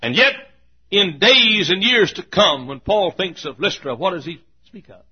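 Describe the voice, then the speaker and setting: A man preaching a sermon who swings between shouted peaks and hushed, drawn-out lows, often clearing his throat. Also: animated, dull audio. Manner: frequent throat clearing and coughs.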